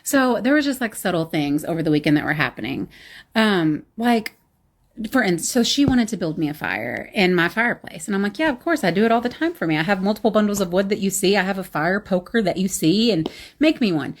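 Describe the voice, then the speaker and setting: A woman's voice: medium pitch, sing-song, fairly quick. A woman in her mid-thirties telling a bad-date story in casual chat, blunt, sassy and exasperated, with sarcastic asides. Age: 30s.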